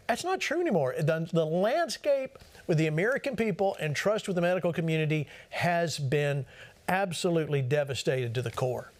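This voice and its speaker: A man's voice: high voice, lively intonation, fairly quick. A man hosting a talk show, speaking emphatically and shifting his pace. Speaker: show host.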